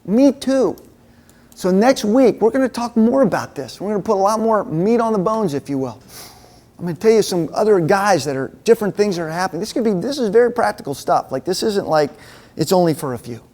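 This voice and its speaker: Male preacher with a high voice, casual and animated, telling stories to a room of men. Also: a little fast. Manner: animated, chatty storyteller who drops to a hushed voice. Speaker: men's ministry speaker. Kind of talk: storytelling sermon to a men's group. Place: meeting room with a live audience.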